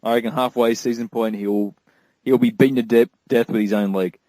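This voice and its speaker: A man co-hosting a casual podcast chat, trading quick jokes. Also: medium pitch, fairly even intonation, mellow, no room sound, low-quality recording. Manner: jokey, quick banter. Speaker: podcast co-host.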